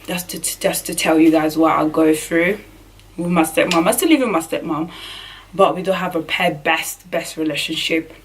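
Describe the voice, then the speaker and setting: A woman's voice: deep voice, normal speed, far from the mic, a little hiss or hum. A young woman from Burundi telling a personal story in a vlog, earnest and emotional, often restarting her sentences. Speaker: vlogger.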